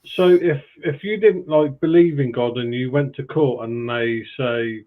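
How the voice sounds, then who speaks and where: A man's voice: mid-range voice, measured pace. Man panelist, hesitant, heard through a tinny phone-like connection. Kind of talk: casual live panel chat. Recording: tinny phone-like call audio.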